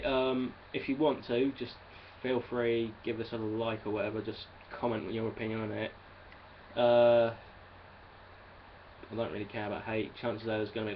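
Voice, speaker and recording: A man's voice: on the low side, muffled recording, a little hiss or hum. A young man with an English accent ranting in a rambling, exasperated monologue and swearing freely. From England. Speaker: vlogger.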